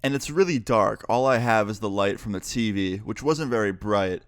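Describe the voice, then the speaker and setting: A young man and YouTuber telling a story in an animated, profane, excitable way. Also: lowish voice, normal speed, clean tone, no room sound, clean studio sound. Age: young adult. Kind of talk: storytime vlog.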